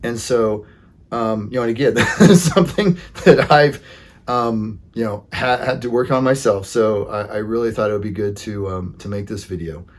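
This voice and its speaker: A man's voice: fairly low pitch, moderate pace. A man hosting a video of dating advice, talking in a casual, earnest way and often saying "you know.". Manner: earnest, plain-spoken, leans on "you know" fillers.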